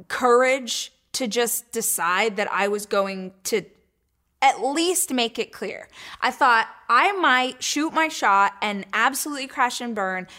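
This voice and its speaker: A woman hosting her own weekly show, telling a story in a chatty, animated way, full of "like" and acting out her own thoughts in whispers and squeals. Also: mid-range voice. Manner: chatty, lots of "like". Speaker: show host. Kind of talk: casual storytelling chat.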